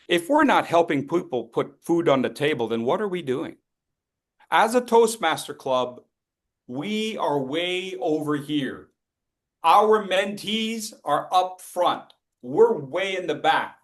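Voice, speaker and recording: A man giving a motivational talk at a speaking club, emphatic, repeating key phrases and asking the audience rhetorical questions. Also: fairly high pitch. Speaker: education session speaker.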